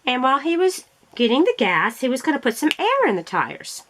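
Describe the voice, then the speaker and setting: Chatty woman with a higher voice. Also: huge pitch swings, brisk, a bit bright, a little hiss or hum. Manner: chatty, laughs often, storytelling. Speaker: craft vlogger. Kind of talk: casual chat while crafting.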